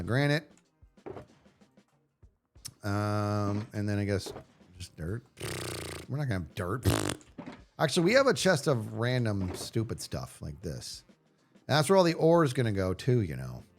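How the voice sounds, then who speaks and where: A man streaming a video game live, chatting casually with viewers and yelling playfully at the enemies on screen. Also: fairly low pitch, very animated, a little slow, pauses often, over music. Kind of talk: casual live gameplay commentary.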